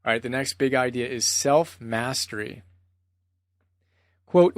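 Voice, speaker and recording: A man's voice: mid-range voice, a little slow, pauses often, dry recording, clean studio sound. A man presenting a spoken book summary in an earnest, conversational way, often reading out quotes.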